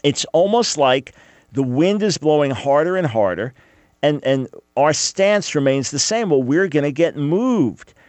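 A man's voice: fairly high pitch, lively intonation, a little slow, darkish tone, no echo. A man hosting a radio talk show, preaching fervently and emphatically, often repeating his phrases.

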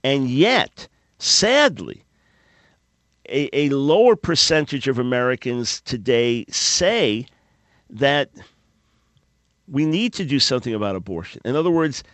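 Speaking into a studio microphone, this radio talk show host preaches and pleads earnestly, with small stumbles and repeated words. His medium-pitched voice is a bit bright and sing-song, unhurried with long pauses, and there's no echo in the studio.

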